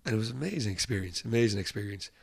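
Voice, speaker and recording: Low-voiced Irish man telling road stories. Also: racing, vocal fry, husky. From Ireland. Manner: animated anecdotes, acts out quoted voices, laughs often. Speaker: musician guest. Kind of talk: casual storytelling interview.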